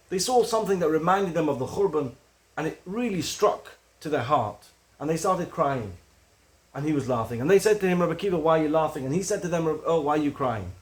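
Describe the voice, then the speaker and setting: A man giving a recorded religious lecture, earnest and building to animated emphasis on key points. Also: a little high. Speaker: Torah teacher.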